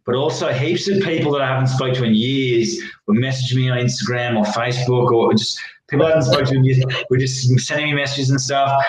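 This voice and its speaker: A young Australian man rambles excitably through a casual political chat, swearing as he goes. His voice is mid-pitched, and the recording rings with heavy room echo. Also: fast, few pauses. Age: young adult. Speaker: guest. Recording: very echoey room.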